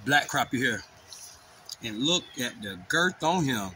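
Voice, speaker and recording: Hyped fishing host outdoors. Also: male voice, mid-range voice, lively intonation, unhurried. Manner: hyped, shouts catchphrases, keeps addressing the viewers. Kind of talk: excited outdoor fishing commentary. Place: outdoors on a river. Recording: outdoor clip with loud noise and passing vehicles.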